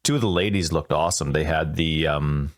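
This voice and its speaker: A man co-hosting a gaming podcast in casual chat, rambling and animated, quick to laugh, talking close to a desk mic. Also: a bass voice. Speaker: podcast co-host.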